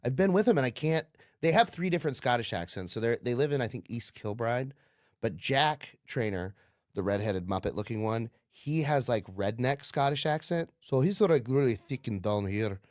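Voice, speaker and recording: A man's voice: mid-range voice, expressive, normal speed, a little mellow, no room sound, clean studio sound. A man hosting a casual comedy podcast, trading crude banter, laughing often and slipping into goofy voices. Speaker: podcast host.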